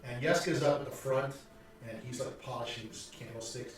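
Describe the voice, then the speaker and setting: A man's voice: mid-range voice, fairly even intonation, moderate pace. A man narrating a tabletop game as game master, rambling with fillers and restarts. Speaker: dungeon master. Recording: echoey room from far off.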